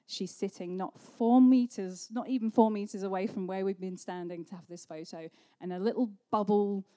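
A woman's voice: mid-range voice, darkish tone. Chatty woman preaching. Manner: chatty storytelling with frequent ums. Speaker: pastor. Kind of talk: sermon.

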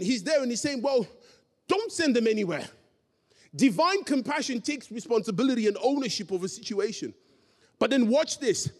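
High-voiced preacher man in a reverberant hall. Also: darkish tone. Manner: storytelling, acting out dialogue, emphatic. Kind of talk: sermon.

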